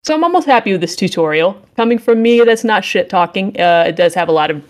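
A woman's voice: medium pitch, expressive, quick pace. A young adult woman co-hosting a podcast, recapping a game with sarcasm and mock-heroic acted lines. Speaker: podcast co-host. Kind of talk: casual game review chat.

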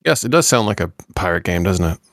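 A man's voice: sits low, lively intonation, fast talker, a bit bright, dry recording, clean studio sound. A man casually reviewing a video game on a podcast, explaining with frequent restarts and fillers.

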